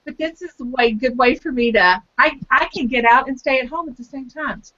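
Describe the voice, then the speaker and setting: A woman's voice: high voice, fairly quick, pushed and bright. A woman author chatting on a video call, bubbly and self-deprecating, laughing easily. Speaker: guest author. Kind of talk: casual online chat. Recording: slightly muffled video call audio.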